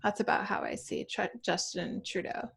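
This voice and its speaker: A woman's voice: mid-range voice, steady tone, vocal fry, slightly rough. A woman from South Dakota, a guest on a podcast, teasing the host in playful joking banter. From South Dakota, United States. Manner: playful teasing, drawn-out delivery.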